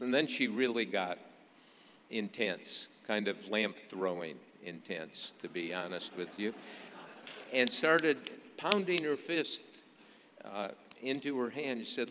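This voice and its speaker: A man's voice: on the low side, animated, unhurried, sharp tone, slight background noise. An older man telling a story to an audience with dry humor, stopping often with fillers. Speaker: speaker telling an anecdote. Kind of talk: storytelling speech. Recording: long reverb of a large hall.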